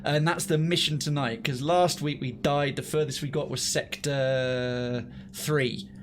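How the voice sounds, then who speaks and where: A young man giving animated, swearing live gameplay commentary and thinking aloud. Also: medium pitch, unhurried, a little hiss or hum. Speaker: streamer.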